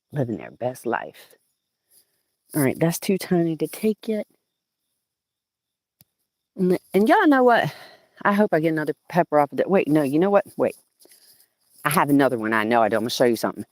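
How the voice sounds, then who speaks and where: A woman's voice: low-pitched, normal speed, long pauses, dry recording. Chatty Southern woman in a garden. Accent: Southern American. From southeastern Virginia. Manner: chatty and animated, cooing at plants and greeting viewers. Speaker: gardening vlogger. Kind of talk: casual live-stream chat. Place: outdoor home garden. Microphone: old phone.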